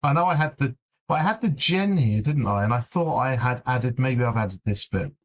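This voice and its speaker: A man's voice: mid-range voice, lively intonation, moderate pace. A man streaming on his own, thinking aloud in a fretful mutter as he searches through files. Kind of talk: casual live-stream commentary.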